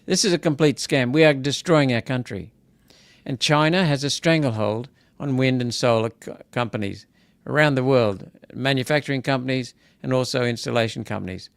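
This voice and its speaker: A man's voice: medium pitch, normal speed, creaky, no echo. A man hosting a live political commentary, talking casually and repeating himself as he grows indignant and emphatic. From Australia. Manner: indignant, repetitive, rising to emphatic outbursts. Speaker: senator hosting a political wrap-up.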